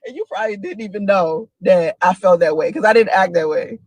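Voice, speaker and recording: A woman in her forties tells stories straight to the camera in a dry, close recording. She talks in an animated way, laughing often, and her voice jumps up in pitch for emphasis. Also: fairly quick, dry recording. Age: 40s. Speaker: single mother telling stories to a friend. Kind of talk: casual monologue video.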